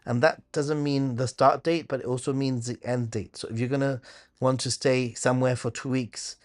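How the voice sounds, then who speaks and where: A man hosting a live travel Q&A stream, answering viewer questions in a relaxed way and thinking aloud with many hesitant fillers and restarts. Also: medium pitch, normal speed. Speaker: host of a travel channel.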